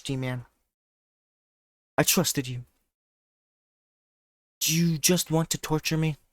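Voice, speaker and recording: A man's voice: low-pitched, no echo. A man voicing a lovestruck possessive game girl. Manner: reading game dialogue aloud, swinging from teasing to anguished. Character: lovestruck possessive teenage girl from a visual novel. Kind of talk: reading a game character's lines aloud. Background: loud game music.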